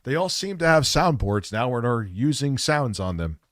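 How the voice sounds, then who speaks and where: A man's voice: mid-range voice, very animated, moderate pace, dry recording. Guy streaming, sneering at a clip, dry close sound. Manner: mocking and combative. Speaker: livestream host. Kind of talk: reaction commentary on a livestream.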